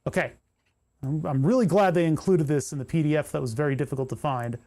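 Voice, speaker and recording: Fast-talking and a bit high-pitched, he has a darkish tone. A streamer who builds electronics kits, he gives casual play-by-play while soldering live and mutters in frustration as he digs around for parts.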